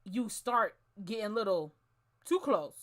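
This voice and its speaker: A woman's voice: mid-range voice, slow pace. A woman co-hosting a podcast, chatting animatedly and trailing off with casual asides. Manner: animated storytelling, trails off with "whatever". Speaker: podcast co-host. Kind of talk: casual chat.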